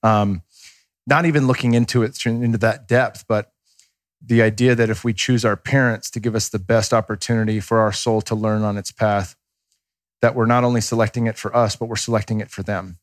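A man's voice: lowish voice, fairly even intonation, fairly quick, dry recording, clean studio sound. A man in his thirties, a podcast guest talking casually and candidly, rambling and swearing freely as he acts out quotes. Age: 30s.

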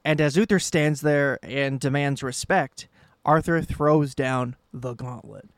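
A man with a fairly high voice co-hosts a podcast and recaps an episode in relaxed chat. He jokes, laughs a lot and hesitates with frequent ums. His voice sits close and dry on the mic. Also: measured pace, no echo. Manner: jokey, laughs often, hesitant with many ums. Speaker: podcast co-host.

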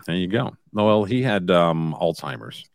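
A man with a very deep voice rambles through family stories, leaning on fillers. He is on a remote home mic with a dry, close sound. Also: expressive, unhurried, clear, resonant tone, no echo. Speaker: podcast co-host. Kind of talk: casual chat.

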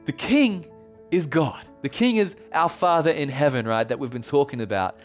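A man's voice: fairly high pitch, expressive, moderate pace, faint music behind. A man preaching a casual, humorous sermon as pastor, chatty and playful, laughing as he retells stories.

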